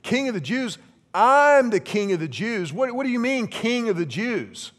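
A man's voice: very high-pitched, sing-song, moderate pace, pitched above the performer's own voice. A man voicing a panicky, jealous ancient king as a comic aside in a sermon, indignant and flustered.

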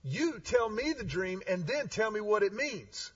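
A man's voice: high-pitched, big pitch swings, unhurried, slightly rough, full character voice. A man doing a curt, demanding king. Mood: insistent. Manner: curt, insistent refusal. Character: demanding, ill-tempered ancient king. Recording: slightly distant, dull sound.

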